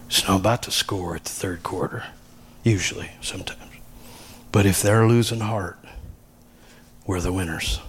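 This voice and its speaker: A middle-aged man, a pastor, preaching a conversational sermon that swings between loud raised passages and hushed asides. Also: lowish voice, breathy edge.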